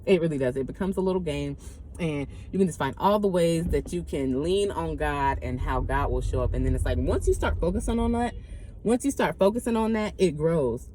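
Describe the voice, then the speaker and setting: Woman, casual vlog, animated, laughing, low voice, faint car noise outside. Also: brisk. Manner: animated, laughing often, speaks like a close friend. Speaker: faith and self-growth coach. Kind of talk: casual vlog talk to camera.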